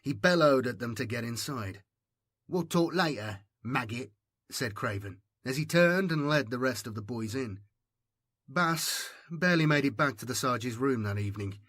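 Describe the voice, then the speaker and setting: A man narrating an audiobook in a steady, measured storytelling voice. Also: medium pitch, no room sound, studio quality.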